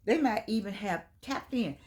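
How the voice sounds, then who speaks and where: A woman's voice: mid-range voice, lively intonation, moderate pace, darkish tone. An older woman with a Southern US accent, talking casually to camera in a folksy, rambling way. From United States. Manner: chatty, folksy, digressing, with laughs. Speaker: vlogger.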